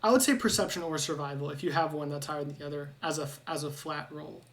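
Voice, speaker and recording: A woman running a tabletop game as dungeon master, speaking in halting bursts with frequent restarts. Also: low voice. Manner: halting, restarts often with filler likes.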